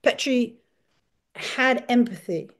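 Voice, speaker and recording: A woman author giving a talk, telling a family history in an earnest, measured storytelling way. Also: on the high side. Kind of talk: storytelling lecture.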